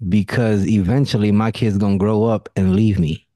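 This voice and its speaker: A man's voice: fairly low pitch, steady tone, fairly quick, dark tone, no room sound, clean studio sound. A man hosting a casual podcast conversation, telling blunt stories and swearing freely. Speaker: podcast host.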